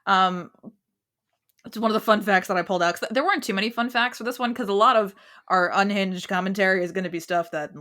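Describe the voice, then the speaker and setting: A woman's voice: mid-range voice, quick pace, pushed and bright. A woman co-hosting a casual TV recap podcast, explaining show lore in a chatty way with plenty of fillers. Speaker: podcast co-host.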